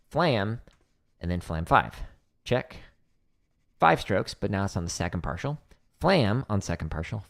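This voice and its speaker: A man teaching drum technique on a livestream, explaining exercises step by step and counting patterns aloud in a relaxed, casual way. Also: sits low, vocal fry. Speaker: drum teacher on a practice stream. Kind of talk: instructional livestream talk.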